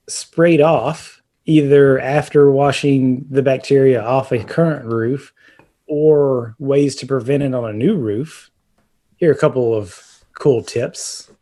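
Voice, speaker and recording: A man co-hosts a casual home-repair podcast, chatting about roofing in a warm, mid-range voice. He explains things at length, with lots of fillers and restarts.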